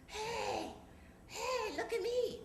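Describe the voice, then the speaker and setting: A woman on stage voicing a young father who yells loudly in a high, excited voice. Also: extremely slow, full character voice. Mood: showing off. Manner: hollering, loud and high. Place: theatre stage. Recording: echoey theatre with background noise.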